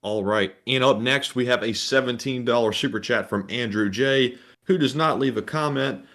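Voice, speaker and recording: A man co-hosting a live stream, reading out viewer donations and messages in a steady, matter-of-fact way. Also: mid-range voice, normal speed.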